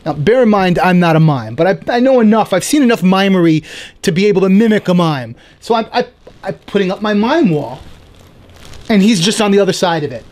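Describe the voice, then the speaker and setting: This is a casual storytelling monologue from a podcast host, a man with a higher voice and a playful comic streak. His delivery is lively, peppered with fast little asides such as "right?"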